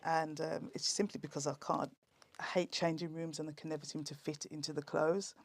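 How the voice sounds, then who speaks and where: A woman performing comic rhyming poems in a lively, theatrical way. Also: sits low, brisk, no echo. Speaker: comic poet guest.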